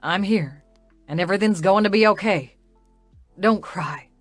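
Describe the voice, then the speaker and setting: A calm, protective young man with a smooth, slow drawl, as a woman narrator lowers her voice for him. He speaks softly and soothingly, in a dry, close audiobook sound with faint music underneath. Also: no echo, natural voice. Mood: reassuring.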